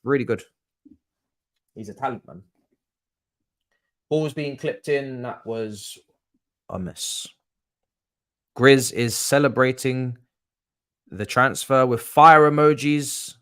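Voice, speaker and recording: A young man hosting a live football watchalong, chatting casually, repeating himself and swearing, going from mumbled asides to loud exasperated rants. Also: medium pitch, slow, long pauses. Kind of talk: casual live-stream chat.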